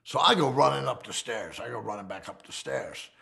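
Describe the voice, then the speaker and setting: A man's voice: mid-range voice, a little fast, vocal fry, sharp tone. A man telling a wild story from his past in casual, profane street talk, often checking in with "right?". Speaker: documentary interviewee. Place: fireside.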